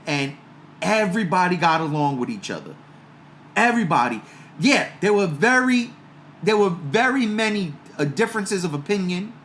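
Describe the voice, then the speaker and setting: A man hosting a casual fan chat, excitable and laughing as he talks. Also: high voice, a little hiss or hum. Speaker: podcast host.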